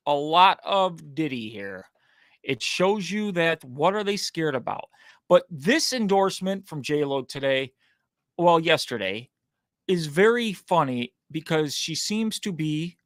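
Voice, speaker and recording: A man hosting political commentary, his pitch swinging all over the place as he mocks and needles. The sound is dry and close, with no room in it. His delivery is sarcastic and casual. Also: takes it slowly, no room sound. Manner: mocking, sarcastic, animated.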